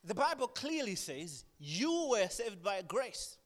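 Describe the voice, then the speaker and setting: High-voiced preacher in a big hall. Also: male voice, slow, hardly any pauses. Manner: animated, swings from hushed to loud. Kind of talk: sermon. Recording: long reverb of a large hall.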